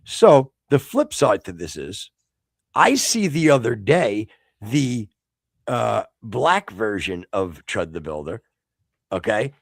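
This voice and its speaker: A middle-aged American man hosts a casual live-stream chat, rambling and restarting his sentences, now and then flaring into mock-exasperated rants. His voice has a gravelly edge and swings widely in pitch. The recording is close and dry. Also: sing-song, slow, no echo. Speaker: podcast host.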